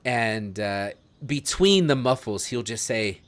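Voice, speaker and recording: A man running a tabletop role-playing game, narrating scenes in a measured, descriptive way with jokey asides. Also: mid-range voice, animated. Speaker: game master.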